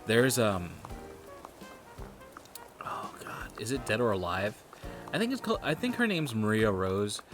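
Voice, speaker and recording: A man's voice: on the low side, big pitch swings, normal speed. A man streaming a video game, chatting casually in a rambling, profane, joking way. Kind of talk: casual gaming stream chat. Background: game music.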